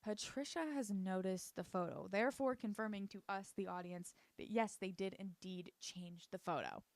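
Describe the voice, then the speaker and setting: A woman's voice: mid-range voice, no echo. A woman casually recapping a TV show for her channel, sarcastic and swearing freely. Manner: sarcastic, swears freely, slips into quick character voices. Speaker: YouTube recap commentator.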